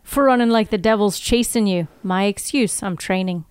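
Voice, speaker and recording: A woman with a medium-pitched, darkish, clear and resonant voice, close to how she normally speaks, reads through a TV scene at a moderate pace. She plays a brash, teasing Scottish male runner with a put-on Scottish accent, playfully calling people brother. The recording is clean studio sound with no room noise.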